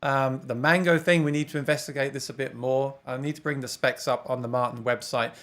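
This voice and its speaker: A man's voice: medium pitch, steady tone, fairly quick, fairly bright tone. A man from England with an English accent, hosting a casual livestream chat, talkative and reading viewer comments aloud with frequent laughs. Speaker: host of a guitar livestream.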